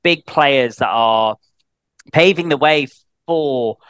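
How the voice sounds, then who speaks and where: A man's voice: mid-range voice, slow, fairly bright tone, clear, resonant tone, dry recording. A British man chatting as a guest on a podcast, talking loosely with many restarts and fillers. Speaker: guest, head of sales. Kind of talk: casual podcast interview.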